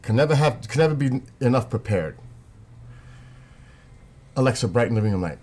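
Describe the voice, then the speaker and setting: A man's voice: medium pitch, lively intonation, moderate pace, a little mellow. A man with a New York accent, chatting casually and rambling to his viewers on a live stream.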